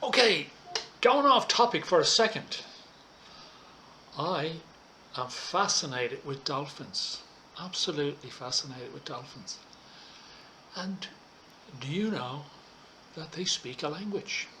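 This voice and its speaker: A man teaching an English lesson online, talking students through slides in a slow, deliberate way and checking in with frequent "okay"s. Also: on the high side, expressive, sharp tone, a little hiss or hum. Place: Thailand.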